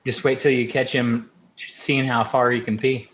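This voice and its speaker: A man's voice: mid-range voice, level tone, normal speed, fairly bright tone, slight background noise. A man in casual live-show banter, cracking crude jokes.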